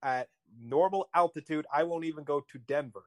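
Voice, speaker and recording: A man's voice: a little high, brisk, no echo, clean studio sound. Man nervously reacting in chat. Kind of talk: casual chat.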